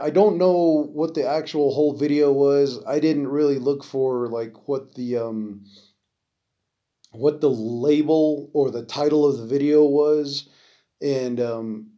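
A man's voice: medium pitch, dark tone. Man rambling loosely on a podcast. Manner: rambling, loose and profane, with many fillers. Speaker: podcast host. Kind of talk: casual solo podcast monologue.

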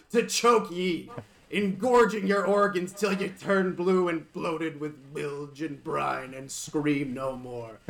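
Brief: a raging old sea-dog lighthouse keeper, as a man puts him on, gravelly, booming, slow curses. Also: a bit bright, heavily acted. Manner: theatrical, drawn-out booming delivery.

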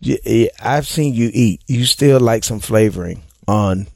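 A man hosting a casual advice talk show, talking in an animated way and slipping into exaggerated impressions of people. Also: on the low side, measured pace, vocal fry, no echo, clean studio sound.

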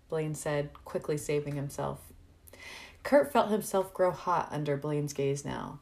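A woman reading a fan fiction story aloud in a measured, unhurried narration. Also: sits low, expressive, vocal fry, a little mellow. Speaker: story reader.

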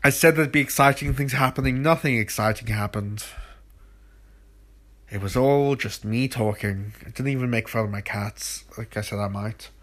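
A man's voice: mid-range voice, moderate pace, fairly bright tone. A man hosting a solo podcast at night, tired and sick with a runny nose, rambling and joking at his own expense while smoking at home. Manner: playful, rambling, self-mocking, repeats sung "ooh yeah". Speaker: podcast host. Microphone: phone recording.

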